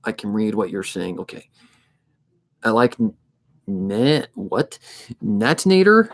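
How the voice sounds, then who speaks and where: A man in his twenties who narrates fanfic readings, chatting casually on a livestream in a steady, somewhat monotone way and thinking aloud as he goes. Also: lowish voice, takes it slowly. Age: 20s.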